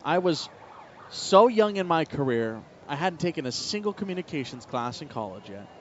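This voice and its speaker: A man calling a baseball game play by play, telling a relaxed personal story between the calls. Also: a little high, moderate pace, a little hiss or hum. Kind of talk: live baseball commentary mixed with personal storytelling. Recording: slightly muffled broadcast audio with faint ballpark ambience.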